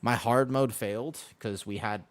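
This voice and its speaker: A man's voice: mid-range voice, normal speed, no echo. Chatty young man streaming games. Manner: rambling storytelling with many fillers and restarts. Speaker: game streamer. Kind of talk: casual live-stream chat.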